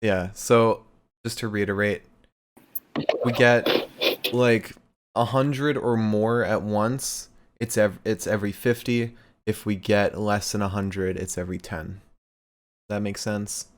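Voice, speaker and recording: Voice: mid-range voice, fairly even intonation, slow pace, long pauses, a little hiss or hum. A podcast co-host in casual live-stream chat, laid-back and often laughing, explaining the donation rules.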